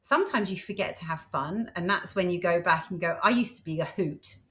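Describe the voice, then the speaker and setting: Chatty woman, lowish voice. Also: fairly quick, bright, forceful tone. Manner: chatty, storytelling with acted-out quotes. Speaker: guest. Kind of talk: casual podcast chat.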